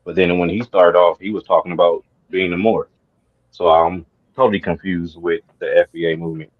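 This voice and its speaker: Halting deep-voiced man on a dull lo-fi mic. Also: flat delivery. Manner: hesitant, halting, confused. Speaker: panelist. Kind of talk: casual discussion. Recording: dull lo-fi sound.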